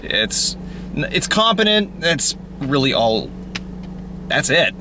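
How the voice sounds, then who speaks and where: A man's voice: a little high, very animated, takes it slowly, noisy background. A young man co-hosting a casual movie review chat, rambling and bursting into exaggerated outbursts. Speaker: co-host.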